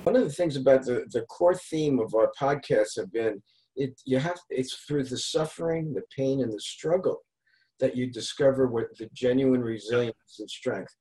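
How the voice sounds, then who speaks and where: A man's voice: mid-range voice, moderate pace, mellow, low-quality recording. Rambling, storytelling male podcast host. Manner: rambling, restarts, retells street encounters. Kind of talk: casual chat.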